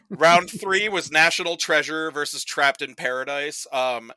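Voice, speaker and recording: A young man with a very bright, forceful voice and a slightly high pitch tells stories in casual podcast chat. He breaks into exaggerated impressions, and the close mic sounds dry. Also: a little slow, clean tone, no room sound, low-quality recording. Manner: animated storytelling with exaggerated impressions. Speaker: podcast guest.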